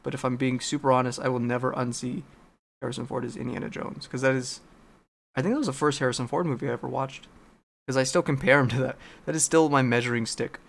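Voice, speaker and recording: A man's voice: medium pitch, fairly even intonation, fast, creaky. A man chatting casually while painting a miniature, rambling, searching for words and swearing.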